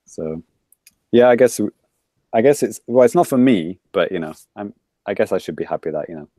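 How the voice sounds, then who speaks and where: A man's voice: on the low side, expressive, fairly quick, dark tone, dry recording, clean studio sound. A man co-hosting a podcast in casual chat, joking and laughing often. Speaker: podcast co-host.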